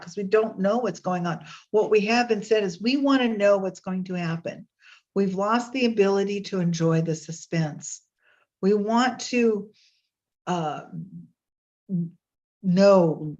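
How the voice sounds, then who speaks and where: A woman's voice: on the low side, a little mellow. A woman hosting a casual online session, talking in a chatty, meandering way with fillers and restarts over a video call. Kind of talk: casual spoken reflection with readings. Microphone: webcam on a video call. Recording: slightly dull lo-fi audio.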